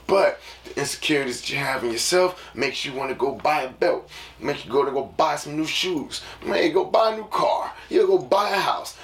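A man hosts a solo podcast, talking loosely and preachily as he lays out his rules. He sits a little back from the mic in a roomy space, and clear background noise runs under his voice. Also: on the high side, far from the mic. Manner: preachy, rambling, peppered with "you know what I'm saying". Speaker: podcast host. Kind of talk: casual solo podcast monologue.

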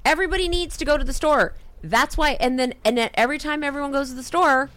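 A woman rants on a comedy podcast, swearing freely and jumping between quick asides with lively energy. Her voice is recorded close and dry. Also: sits high, no room sound. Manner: profane, animated ranting with quick asides. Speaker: podcast co-host. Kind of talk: casual comedic podcast rant.

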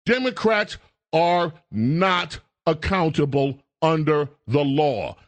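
A man hosting a talk radio show, scolding and emphatic in a political commentary rant. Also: on the high side.

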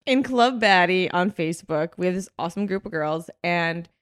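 A woman's voice: fairly low pitch, expressive, moderate pace, smooth, no echo, studio quality. A young woman co-hosting a podcast, chatting casually and telling a story with lots of laughs and fillers. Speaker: podcast co-host. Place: home.

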